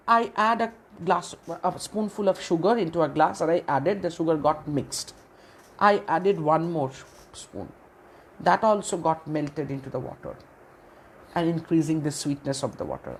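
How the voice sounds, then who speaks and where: A woman's voice: low voice, unhurried, a little hiss or hum. A woman giving a literature lecture, who asks questions and answers them herself and often repeats phrases. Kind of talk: classroom lecture.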